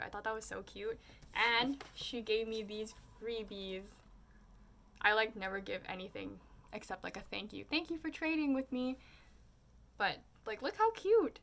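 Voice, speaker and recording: A young woman vlogger tells a story casually, sprinkling in lots of "like" and squealing in a high voice when she quotes her own remarks. Her tone is fairly bright.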